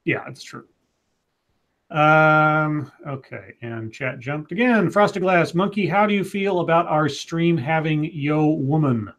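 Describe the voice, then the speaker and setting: A man in his forties with a slightly higher voice co-hosts a casual live show. He reads viewer comments aloud and rambles through his answers, restarting his sentences with stammers. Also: steady tone, takes it slowly, fairly bright tone. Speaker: co-host. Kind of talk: casual livestream chat reading viewer comments.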